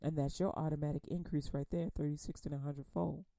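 A woman teaching a Bible study in a conversational preaching manner, repeating words and using folksy phrasing, then reading scripture slowly and with emphasis. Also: sits low, steady tone, vocal fry, mellow, no room sound. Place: radio program.

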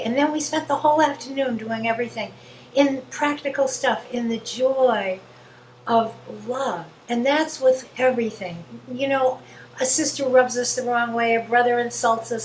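A woman earnestly sharing spiritual reflections with a group, gently telling a personal story. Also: high voice, echoey room, slight background noise, rough recording. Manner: earnest, gentle, quotes herself in dialogue.

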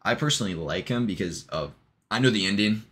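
Deep-voiced man rambling casually. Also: expressive, a little fast, a bit bright, slight background noise. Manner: meandering, full of ums and restarts, swears casually. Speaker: vlogger. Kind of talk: casual rambling monologue retelling a joke.

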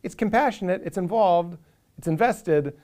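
A man's voice: high-pitched, normal speed, a little mellow. A man, a comedian talking earnestly and with animation in a reflective interview, now and then acting out inner voices for a laugh.

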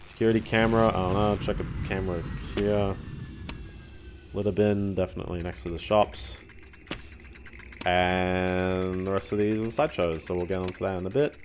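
A man's voice: deep voice, fairly even intonation, normal speed, noisy background. A young man giving casual, rambling gameplay commentary as a streamer. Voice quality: rambling, self-deprecating.

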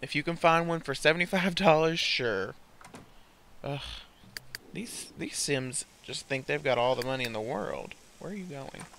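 A man's voice: fairly high pitch, lively intonation, normal speed, gravelly, a bit bright, a little hiss or hum. A young man hosting a casual gameplay let's play, often exasperated and scolding the characters he controls.

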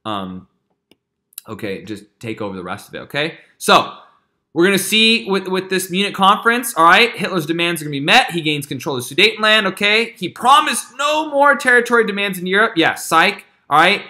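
A man's voice: sits high, sing-song, a little fast, pushed and bright. A man teaching a history lecture in a casual, chatty way, often checking in with his listeners.

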